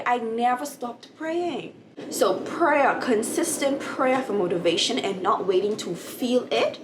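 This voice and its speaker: A young woman vlogging at home, animated as she tells a personal faith story and acts out the dialogue. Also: on the high side, unhurried, background noise. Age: young adult. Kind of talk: casual testimony vlog.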